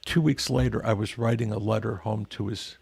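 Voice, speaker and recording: A man's voice: lowish voice, steady tone, fairly quick, gravelly, darkish tone, breathy edge, no echo. An older man, a veteran guest, telling stories in a rambling, earnest way with frequent restarts. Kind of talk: casual storytelling interview.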